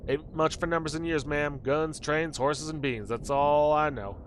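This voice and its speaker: A man's voice: a little high, normal speed, a little hiss or hum, lightly acted. A man doing a drawling old cowboy. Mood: folksy. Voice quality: folksy drawl. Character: old drawling male cowboy, mournful and outdated.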